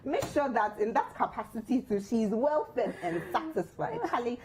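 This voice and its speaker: A woman's voice: a little high, big pitch swings, moderate pace, darkish tone, a little hiss or hum. A Ghanaian woman co-hosting a relationship advice show in a studio, giving teasing, playful counsel.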